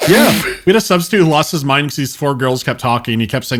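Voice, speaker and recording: A man co-hosting a podcast, telling a school story in a relaxed, wry way. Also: mid-range voice, fast, few pauses. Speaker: podcast co-host. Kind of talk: casual chat.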